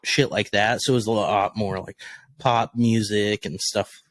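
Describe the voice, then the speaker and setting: Laid-back low-voiced man, dry sound. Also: steady tone, a little slow, fairly bright tone, dry recording. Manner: laid-back, filler-heavy, swears casually. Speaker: podcast co-host. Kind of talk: casual chat.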